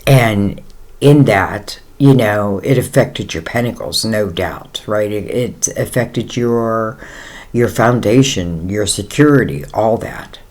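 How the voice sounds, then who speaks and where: A man's voice: on the low side, takes it slowly. Rambling man giving a tarot reading. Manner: rambling, conversational, many fillers; reassuring, speaks straight to the listener. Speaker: tarot reader.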